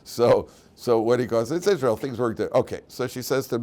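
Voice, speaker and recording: A man, a rabbi, teaching a weekly class in an animated storytelling manner, often restarting and repeating words. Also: medium pitch, moderate pace. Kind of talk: storytelling lecture. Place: yeshiva classroom.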